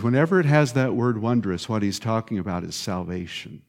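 A male pastor preaches a sermon in a voice of ordinary middle pitch. He talks with animated emphasis, pushing some phrases out loud and dropping others almost to a hush. He repeats short phrases to drive them home. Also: brisk, hardly any pauses.

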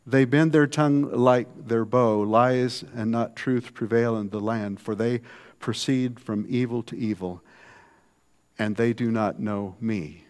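Man preaching a conversational sermon. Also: medium pitch. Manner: conversational, swinging from soft to emphatic.

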